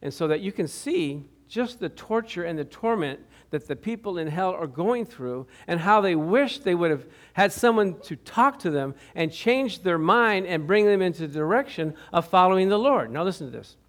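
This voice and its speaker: Earnest male preacher, high-pitched voice, reads scripture-like passages with mounting intensity. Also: expressive, moderate pace, few pauses. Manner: earnest, rising in intensity when reading aloud. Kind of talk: sermon with dramatic reading.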